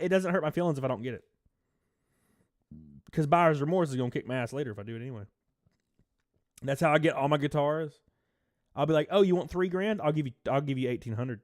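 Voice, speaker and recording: Casual, slightly high-voiced male streamer. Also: no room sound, studio quality. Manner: casual, swearing, laughs often, reads chat aloud. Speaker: live streamer. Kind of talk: casual live stream chat.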